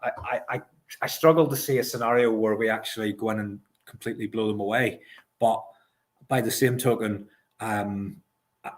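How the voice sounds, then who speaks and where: A man's voice: on the low side, steady tone, moderate pace. A Scottish man co-hosting a football podcast, talking casually, often stumbling and repeating words as he starts a thought. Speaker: podcast co-host.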